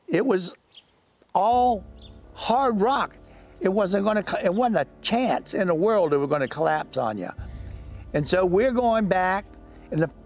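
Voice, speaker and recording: A man telling a story as an interview guest, animated and dramatic, imitating sounds as he goes. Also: high voice, gravelly. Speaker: interview guest, local lecturer.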